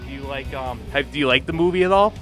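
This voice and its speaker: A man casually interviewing a guest about a film, asking relaxed questions with fillers. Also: medium pitch, fast, over music. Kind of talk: casual student show interview.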